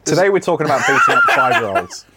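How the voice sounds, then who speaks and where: A man's voice: fairly high pitch, huge pitch swings, quick pace, very noisy. A man co-hosting a comedy podcast, talking in a sardonic, rambling way and swearing freely. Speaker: podcast co-host. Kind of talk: casual comedic chat.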